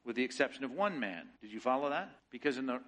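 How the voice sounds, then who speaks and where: A man's voice: mid-range voice, expressive, fast, fairly bright tone, low-quality recording. A middle-aged man preaching a sermon as pastor, teaching with emphatic rhetorical questions.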